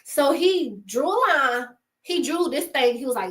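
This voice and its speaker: A woman's voice: sits high, animated, measured pace, fairly bright tone. A young woman talking casually to camera, giving emphatic, slangy motivational advice with frequent laughs.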